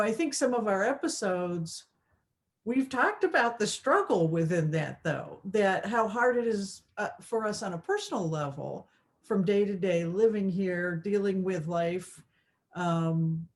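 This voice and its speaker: A woman's voice: medium pitch, measured pace. Rambling woman co-hosting a spiritual chat. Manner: rambling, many fillers and restarts. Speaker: co-host of a spirituality show. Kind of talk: casual chat.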